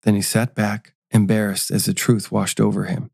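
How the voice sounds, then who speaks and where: A man narrating a scripted short story in a measured storytelling manner. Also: fairly low pitch, little pitch movement, gravelly, darkish tone, husky, no echo, studio quality.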